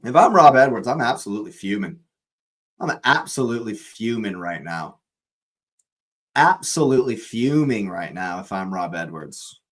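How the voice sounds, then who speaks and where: A man's voice: lowish voice, big pitch swings, moderate pace, fairly bright tone, low-quality recording. A young man hosting a live football watch-along, ranting angrily at the referee, swearing and repeating himself.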